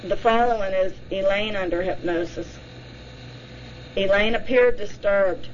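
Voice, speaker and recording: A woman giving a measured, plain reading of a documentary narration. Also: mid-range voice. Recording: dull lo-fi with faint hiss.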